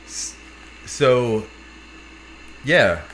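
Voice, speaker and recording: A man's voice: medium pitch, animated, extremely slow, fairly bright tone, a little hiss or hum, rough recording. A man in casual chat, agreeing and laughing along with a friend.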